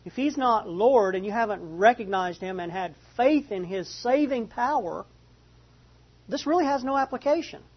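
A man preaching a sermon, reading Bible passages slowly, then repeating and explaining them. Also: sits high, expressive, husky, muffled recording. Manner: reads scripture slowly, then restates and explains it. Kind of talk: slow expository Bible teaching.

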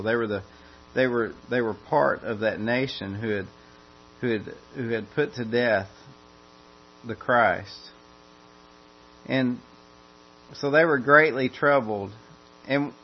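A man's voice: medium pitch, husky. A man preaching an expository sermon, earnest, often restarting and repeating phrases as he builds emphasis. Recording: dull lo-fi sound with mains hum.

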